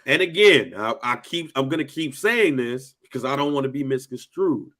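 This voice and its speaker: A man with an American accent chatting casually on a podcast, slangy and animated, acting out quotes in voices. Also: mid-range voice, moderate pace. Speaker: podcast co-host.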